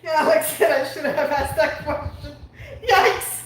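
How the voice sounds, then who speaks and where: High-voiced woman co-host, laughing and chatty. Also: little pitch movement, normal speed, background noise. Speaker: show co-host. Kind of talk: live online sports talk show. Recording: distant, very echoey room.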